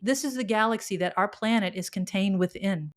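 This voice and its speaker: Middle-aged woman, spiritual podcast host, earnest and heartfelt, mid-pitched voice. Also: a little fast. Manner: earnest and emotional, with frequent restarts. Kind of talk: spiritual monologue.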